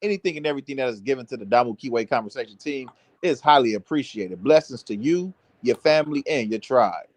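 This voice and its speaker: A man co-hosting a livestream, talking in a loud, animated, mocking way and laughing often. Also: mid-range voice, fast, no room sound. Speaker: co-host. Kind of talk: livestream banter.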